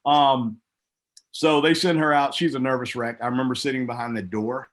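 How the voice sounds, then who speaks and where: A man's voice: normal speed, slight background noise. A middle-aged former wrestler, a man, telling stories in a casual interview, acting out other people's lines with big jumps in his voice. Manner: animated storyteller, acts out quotes with big pitch jumps. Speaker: guest, former pro wrestler.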